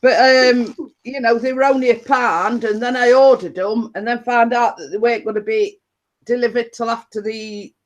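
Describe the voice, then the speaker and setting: Her voice fairly high and steady at normal speed, a woman runs a casual livestream from her desk at home. She's chatty, rambling, laughs a lot and restarts frequently.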